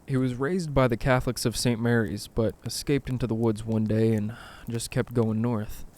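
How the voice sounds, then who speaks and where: A male narrator telling spooky stories with dry, wry humor. His pitch sits in an ordinary middle range for a man, and he nudges his voice a little when he quotes other people. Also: fairly even intonation, normal speed, a little mellow. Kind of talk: storytelling narration of a scary greentext.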